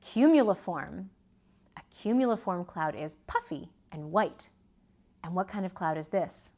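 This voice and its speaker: A woman teaching a preschool lesson, gently asking children to repeat words and point. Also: lowish voice, moderate pace. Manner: sing-song, asks children to repeat and point.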